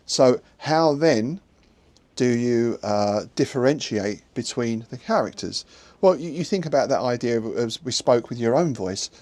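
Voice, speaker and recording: A man hosting a podcast, giving relaxed, conversational advice to game masters, chuckling often and restarting words as he goes. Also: mid-range voice.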